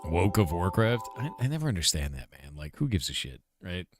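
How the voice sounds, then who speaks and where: Blunt low-voiced game developer streamer. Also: male voice, very animated, brisk, music in the background. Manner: blunt, profane, chatty with filler words. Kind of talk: casual livestream Q&A chat.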